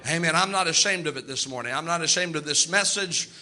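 A man's voice: a little high, fast talker, bright, forceful tone. A male pastor preaching a sermon, repeating lines for emphasis and calling out amens.

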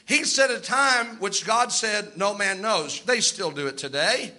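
A man's voice: high voice, expressive, unhurried, sharp tone. A male pastor preaching a sermon to his church in an emphatic, conversational way, with asides and restarts.

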